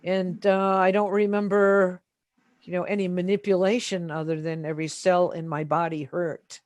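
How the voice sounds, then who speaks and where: A man being interviewed, telling a story in a casual, animated way with many fillers. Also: sits high, normal speed, no echo. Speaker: interview guest.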